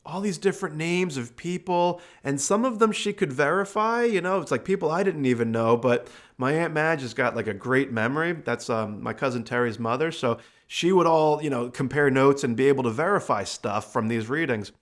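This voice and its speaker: A male host and medium tells a family story in a loose, conversational way. His voice sits at a middle pitch, and he fills his pauses with casual asides. It sounds like easygoing podcast talk. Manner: relaxed, chatty, with fillers like uh and you know.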